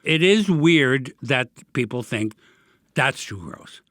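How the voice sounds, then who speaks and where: A man's voice: medium pitch, lively intonation, takes it slowly, fairly bright tone, dry recording, clean studio sound. A man hosting a podcast, asking wry, probing questions in casual chat. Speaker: podcast host.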